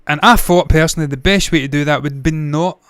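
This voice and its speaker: A man's voice: fairly high pitch, fast talker, fairly bright tone, clean tone, dry recording, clean studio sound. A man hosting a movie news show, talking casually with blunt, profane opinions and frequent tangents. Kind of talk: casual solo commentary.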